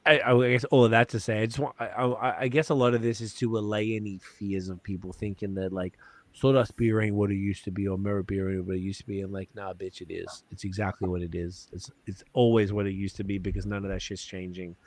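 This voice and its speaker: A man's voice: fairly low pitch, flat delivery, a little fast, dry recording. Profane, rambling podcast host, man. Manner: loose and profane, rambling with lots of fillers. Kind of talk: casual podcast chat.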